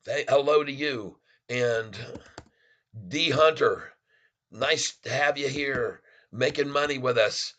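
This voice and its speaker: A man hosts a live stock-trading stream, calling out prices and narrating his trades as they fill while cheering every move. His medium-pitched voice is bright and punchy, yet he speaks slowly with frequent pauses. Excited and warm, he keeps chatting with viewers, addressing them as "folks."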